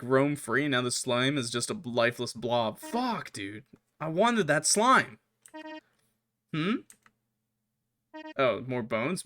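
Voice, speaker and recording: A man streaming a game, reading the characters' lines aloud in put-on higher voices between joking and swearing. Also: pushed and bright. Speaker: gaming streamer. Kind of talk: let's play with voiced dialogue reading. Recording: music playing behind the voice. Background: game music.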